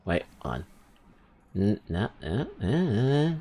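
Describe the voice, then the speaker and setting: A man streaming a video game, giving rambling, casual commentary full of crude jokes and quick asides. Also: fairly low pitch, very animated, mellow, husky. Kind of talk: casual let's-play commentary.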